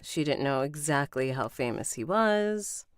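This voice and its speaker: A woman rehearsing an audiobook recording, reading and coaching herself in a relaxed, casual way. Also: low-pitched, unhurried, clear, resonant tone. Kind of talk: casual read-through with asides.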